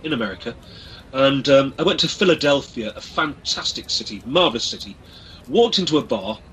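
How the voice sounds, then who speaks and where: A man's voice: medium pitch, lively intonation, a little fast, a bit bright, slight background noise, low-quality recording. An Englishman with an English accent, chatting jovially on a radio show, addressing listeners as folks and stumbling over his restarts. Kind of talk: casual radio chat.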